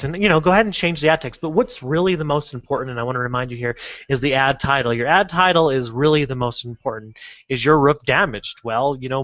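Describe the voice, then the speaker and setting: A man teaching an online course in a casual, halting screen-recorded tutorial, full of fillers and restarts. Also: mid-range voice, fairly bright tone, no echo, muffled recording. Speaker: online marketing instructor.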